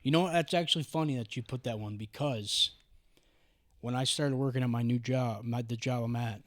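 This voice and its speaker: Excitable, foul-mouthed young man. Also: medium pitch, a little fast, dry recording. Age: young adult. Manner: profane, excitable, says "dude" and "like" a lot. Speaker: podcast host. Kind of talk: casual chat.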